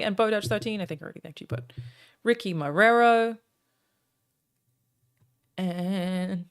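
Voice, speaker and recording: An Australian woman chats casually with her stream viewers, thanking them by name between stretches of talk full of "um" pauses. Her voice is mid-range, clear and resonant.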